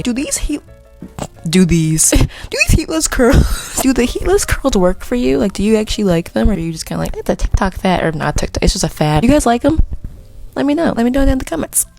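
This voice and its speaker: A woman's voice: mid-range voice, creaky, mellow. A young woman talking casually to her camera in a vlog, giggling often and drifting off on rambling tangents. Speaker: vlogger. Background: faint background music.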